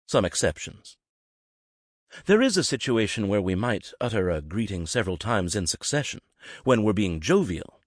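A man narrating a scripted lesson on greetings, acting out the example phrases with lively, rising delivery. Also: dry recording, clean studio sound. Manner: measured, acts out greetings with lively rising pitch. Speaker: lecturer on language.

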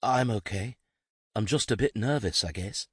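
A man's voice: lowish voice, moderate pace, slightly rough, no echo, studio quality, voice pushed up. A man voicing a shy, nervous young man who speaks hesitantly and in a hurry.

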